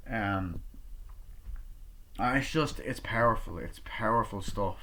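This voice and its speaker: A young man giving a casual, excited movie review, swearing freely and acting out lines from scenes. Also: lowish voice, slow pace, background noise. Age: young adult. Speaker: film reviewer.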